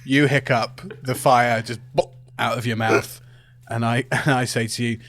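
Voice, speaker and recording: A man's voice: medium pitch, level tone, measured pace, fairly bright tone, no room sound. A man playing his character in a tabletop game, chummy and reassuring. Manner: chummy, reassuring, laughing asides. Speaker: player voicing a parcel cannon engineer. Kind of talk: in-character tabletop role-play.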